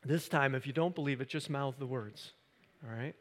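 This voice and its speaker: A pastor preaching a sermon into a microphone, building from quiet talk to loud, impassioned emphasis. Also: male voice, medium pitch, normal speed. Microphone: handheld or stand microphone. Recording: reverberant hall.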